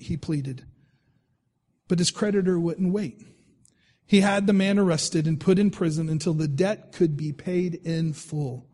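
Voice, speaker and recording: A man's voice: fairly high pitch, a little slow, dark tone, long reverb tail. A male pastor preaching a sermon in a conversational way, reading scripture aloud and often repeating his words.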